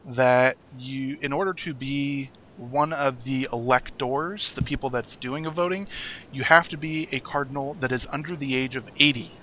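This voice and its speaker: A man's voice: medium pitch, normal speed, sharp tone, a little hiss or hum, low-quality recording. A young man co-hosting a podcast in casual chat, rambling with many fillers and frequent laughs. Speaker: podcast co-host.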